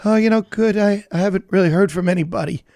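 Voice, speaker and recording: Man doing a lonely older mom who guilt-trips in a high, gravelly voice; dry, close sound, just a plain quote in a comic story. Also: quick pace, darkish tone, no echo. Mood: guilt-tripping. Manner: guilt-tripping. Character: older mother, passive-aggressive and lonely.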